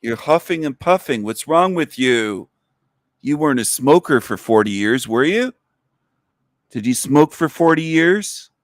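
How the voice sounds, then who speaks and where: A man's voice: medium pitch, expressive, a little slow, no echo, clean studio sound. A man hosting a livestream, giving sarcastic, taunting commentary on a video he plays. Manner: sarcastic, taunting, repeats lines in a mocking voice. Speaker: livestream host.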